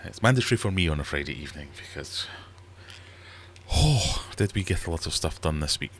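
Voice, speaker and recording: The speaker's voice sits at an extremely low pitch, yet his intonation is lively and his pace a little fast, with a faint hiss or hum on the recording. He's a middle-aged man running a casual livestream from a small, warm fish room at home, rambling and making jokes at his own expense.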